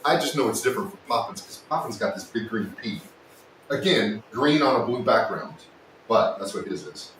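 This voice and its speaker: A man hosting a casual woodworking livestream, chatting and joking with his viewers, sometimes yelling, recorded in a workshop. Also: animated, moderate pace. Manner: joking, teasing, with sudden yells. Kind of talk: casual live-stream chat with viewers. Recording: echoey room, distant mic, faint rumble.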